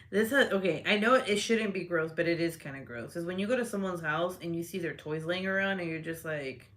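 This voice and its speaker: A woman's voice: lowish voice, brisk, fairly bright tone. Giggly woman chatting on a livestream. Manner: giggly, laughs often, swears freely. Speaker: livestream host. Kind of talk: casual live-stream chat.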